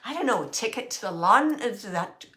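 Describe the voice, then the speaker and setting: Woman, psychic medium, bright voice, halting and searching, thinks aloud, laughs often. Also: a little high, lively intonation. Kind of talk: relaying a spirit reading.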